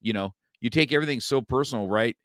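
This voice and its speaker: A man's voice: medium pitch, fast, a bit bright, no echo, studio quality. A male podcast host in casual chat, joking, laughing often and tacking "right?" and "man" onto his lines.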